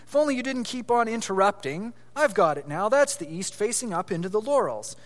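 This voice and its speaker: A man's voice: high voice, very animated, brisk, in a large hall, voice pushed up. A man voicing an earnest, solemn and slightly bossy schoolboy in a read-aloud story.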